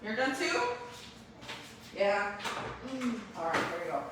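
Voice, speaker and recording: Candid, rambling mom in a noisy kitchen. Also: female voice, medium pitch, big pitch swings, takes it slowly, long pauses. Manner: candid, rambling and swearing, with firm commands to the kids. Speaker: mother of several children. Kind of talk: casual chat vlog. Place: home kitchen. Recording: noisy home recording.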